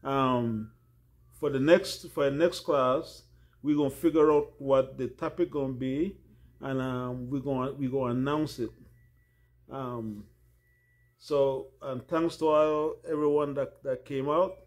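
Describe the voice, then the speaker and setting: A man hosting a class, giving closing thanks in a halting way with many fillers. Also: mid-range voice, fairly even intonation, darkish tone. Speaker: class host. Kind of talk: closing remarks.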